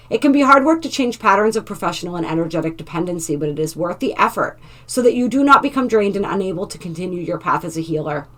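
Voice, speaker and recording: Gentle woman reading oracle cards. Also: on the low side. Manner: gentle, reads card text aloud with asides to viewers. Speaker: oracle card reader. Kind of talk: spiritual oracle card reading.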